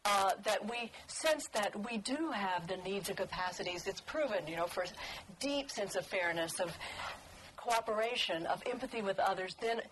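An older woman, a book author, telling stories at a talk in a lively, laughing way. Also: medium pitch, moderate pace, a little hiss or hum, low-quality recording. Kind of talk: storytelling talk.

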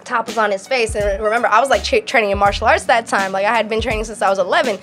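A woman's voice: medium pitch, very fast, faint music behind. A woman in casual chat, telling a story with lots of laughter and cursing. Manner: animated storytelling, frequent laughter, profanity.

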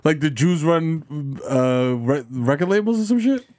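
A man's voice: fairly high pitch, expressive, measured pace, darkish tone, no echo, studio quality. A man co-hosting a podcast, chiming in with laid-back hype-man replies in casual comedic banter. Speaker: podcast co-host.

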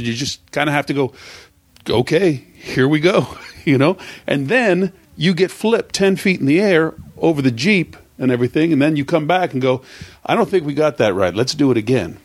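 A man's voice: medium pitch, no room sound. Eager male interviewer, dry sound. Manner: enthusiastic, chimes in with short reactions. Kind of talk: conversational interview.

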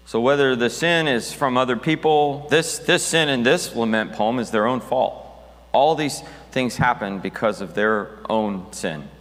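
A man's voice: medium pitch, unhurried, a bit bright, in a large hall. A man preaching a sermon as pastor, talking conversationally with restarts and reading scripture aloud.

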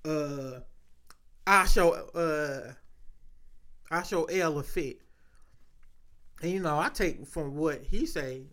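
A man's voice: a little high, slow pace, pauses often, pushed and bright. A man in casual chat, telling loose, profane stories full of slang.

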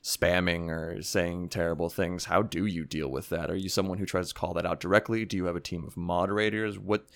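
Low gravelly male host, wry and joking. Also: level tone, no echo. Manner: wry, joking, talks in long quick runs. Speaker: podcast host. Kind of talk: casual podcast interview.

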